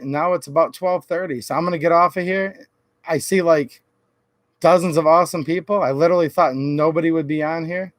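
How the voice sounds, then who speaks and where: A political YouTuber from Michigan, his voice a little high, goes on a sarcastic rant during a late-night political livestream. Mocking senators, he quotes them in exaggerated voices. The audio has no echo.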